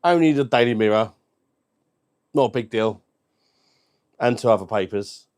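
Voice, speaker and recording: Reading viewer comments on his laid-back beer review stream, this male host trades cheeky banter and swears without hesitation. His pitch is medium, his pace moderate, and his tone a touch mellow.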